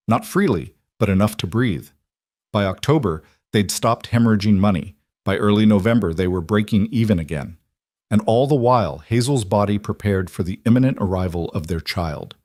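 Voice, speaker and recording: Male narrator, low voice, dry close sound, measured and earnest, for western tales. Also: darkish tone, dry recording. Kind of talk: scripted storytelling narration.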